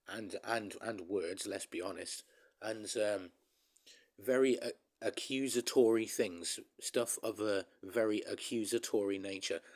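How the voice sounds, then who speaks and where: A man vents in a casual vlog, talking straight to his viewers with a rambling, emphatic flow. His voice sits a little low, and he keeps calling his audience guys as he restarts his thoughts. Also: darkish tone. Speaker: vlogger.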